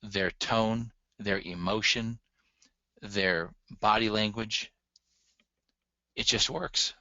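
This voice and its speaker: A man lectures earnestly, speaking straight to his listeners with firm emphasis. His voice is bright and forceful but sits a little low. The recording is dry and slightly dull. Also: fairly even intonation, drawn-out words, dry recording. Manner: earnest, emphatic, addresses audience directly. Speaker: relationship communication instructor.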